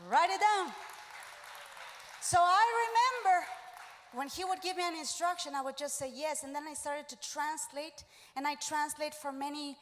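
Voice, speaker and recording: Woman pastor, sermon, high-pitched, animated storytelling, teasing, echoing church hall. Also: moderate pace, a faint crowd, a little hiss or hum. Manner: animated storytelling, acting out quoted voices; teasing, talks directly to congregation.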